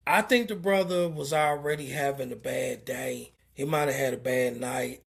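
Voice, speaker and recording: A truck driver from Indianapolis telling a story in a casual vlog, stammering and repeating words, swearing freely, animated as the story goes on. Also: mid-range voice, normal speed, creaky, hardly any pauses, breathy edge. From Indianapolis, USA.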